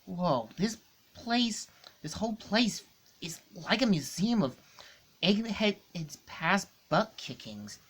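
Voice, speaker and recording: A woman's voice: medium pitch, expressive, takes it slowly, husky. A woman voicing a cocky young male hedgehog hero from a comic, brash and jumpy, reading his lines aloud. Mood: wary.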